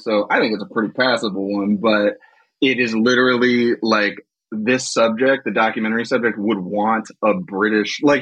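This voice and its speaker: A man, a comedian and actor, talking in a relaxed, self-deprecating way as an interview guest. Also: on the low side, no echo, lo-fi sound. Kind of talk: casual interview.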